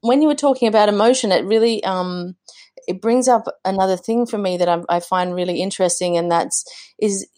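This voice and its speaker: A woman's voice: medium pitch, fairly quick, warm tone. A woman, a guest talking earnestly about motherhood in a podcast interview, with frequent restarts. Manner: earnest, many restarts and fillers. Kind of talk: conversational interview.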